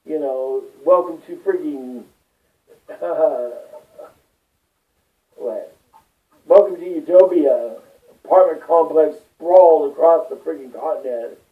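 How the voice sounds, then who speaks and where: A man's voice: on the high side, takes it slowly, pauses often. A man rambling through a personal monologue, swearing often and getting worked up as he talks. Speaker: vlogger. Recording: distant tinny phone-like sound.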